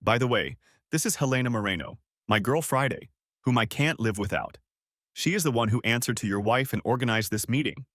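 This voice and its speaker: A suave, wealthy film star speaks with a thick French accent and polished courtesy, voiced by a man reading the story. His pitch moves freely and the sound is close and dry. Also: expressive, fairly quick, fairly bright tone, dry recording, natural voice. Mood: charming.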